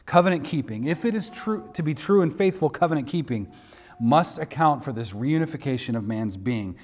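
A man preaching a sermon, emphatic and building to forceful peaks. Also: a little high, animated, fairly quick. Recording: long hall reverb.

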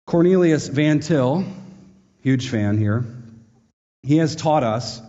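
A man's voice: medium pitch, animated, takes it slowly, mellow. A male preacher addresses a live audience, his talk conversational and laced with wry, joking asides. The sound is muffled and lo-fi, and a long reverb trails off through the large hall. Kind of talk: sermon-style teaching to a live audience. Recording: echoey hall, dull lo-fi sound.

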